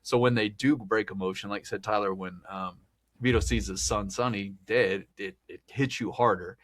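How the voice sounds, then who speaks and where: A man's voice: on the low side, fairly even intonation, moderate pace. A man hosting a podcast, talking through a film in a rambling, chatty way and laughing often. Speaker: podcast host. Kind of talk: casual film discussion.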